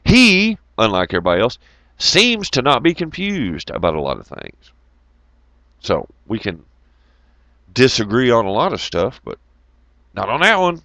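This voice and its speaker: A man's voice: medium pitch, wildly swooping pitch, moderate pace, pauses often, bright, forceful tone, dry recording. A man, telling rambling, profane road stories to his viewers in a loose, joking way. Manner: profane, rambling, jokey, greets chat viewers. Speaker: channel host. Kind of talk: casual rambling storytelling to viewers.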